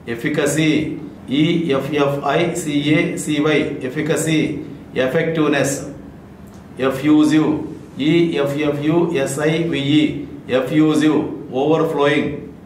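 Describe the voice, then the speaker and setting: A man teaching vocabulary, saying each word, spelling it letter by letter and giving its meaning. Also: a little high. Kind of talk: spelling and defining word list. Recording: echoey room, faint ambient noise.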